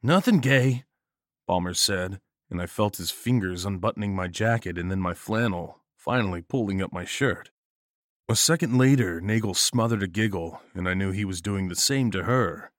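A man narrating a horror story in a steady first-person storytelling voice. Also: sits low, moderate pace, dry recording, clean studio sound.

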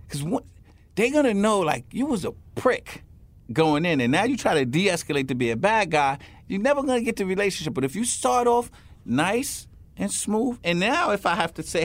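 A retired police officer tells stories in an interview, emphatically acting out the people involved in quoted voices. His high voice is very animated and brisk, with no room sound.

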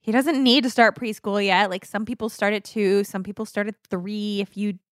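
A woman's voice: medium pitch, steady tone, moderate pace, no echo, clean studio sound. A woman in her thirties co-hosting a podcast in casual chat, candid and rambling, often correcting herself mid-sentence. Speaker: podcast co-host.

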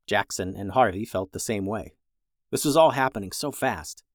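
A narrator reading a children's storybook aloud, lively, shifting voices for each character. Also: low voice, normal speed, dry recording, clean studio sound.

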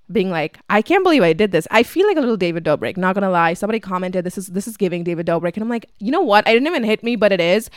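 A woman in her twenties from Dubai talks through a long personal story on her podcast, loose and chatty, peppering it with fillers and curse words. Her voice is smooth and clear. The sound is close and dry, with no room around it. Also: medium pitch, no echo. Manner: chatty, swears freely, fillers like "like". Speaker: podcast host. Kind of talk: casual storytelling monologue.

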